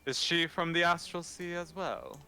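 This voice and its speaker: A man voicing Melfor, a stately older noble who speaks formally and gravely in a tabletop game. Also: a little high, normal speed, bright, forceful tone, voice pushed up.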